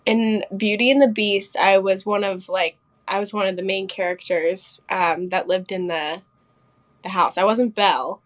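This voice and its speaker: A young woman from Pennsylvania talks as a podcast guest about her singing, rattling off stories with plenty of "like" and "um." Her voice sits at an everyday pitch for a woman, and she keeps it loose and conversational. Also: steady tone. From Pennsylvania, United States. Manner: chatty, quick storytelling with many fillers. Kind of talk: casual interview chat.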